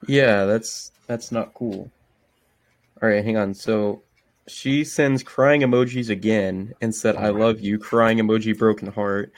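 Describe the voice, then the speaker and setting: A man's voice: on the low side, steady tone, measured pace, dry recording. A young man hosting a casual podcast, reading text messages aloud, swearing often and restarting his sentences. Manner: swearing, stops and restarts himself. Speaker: podcast host.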